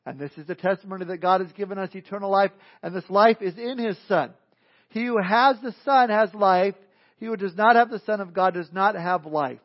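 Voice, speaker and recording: High-voiced male pastor preaching. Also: a little fast. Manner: folksy, joking storyteller. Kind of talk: sermon. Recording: dull lo-fi recording.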